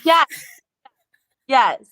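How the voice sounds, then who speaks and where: A woman's voice: very slow, pushed and bright. A woman guest on a gossip live stream, chatting agreeably with lots of "like" and "um" fillers. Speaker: guest commentator. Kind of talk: casual gossip chat.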